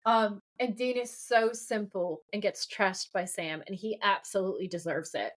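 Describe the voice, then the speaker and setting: A woman co-hosting a casual podcast, excitedly recapping a TV episode and reading out quotes. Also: mid-range voice, moderate pace. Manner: animated, reads quotes aloud with enthusiasm. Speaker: podcast co-host.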